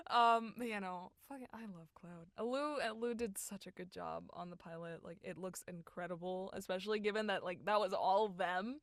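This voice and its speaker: Bright-voiced woman in casual interview chat. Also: medium pitch, brisk, no echo, studio quality. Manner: animated, laughs often, drops to whispers. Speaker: voice actor guest. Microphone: home recording booth mic.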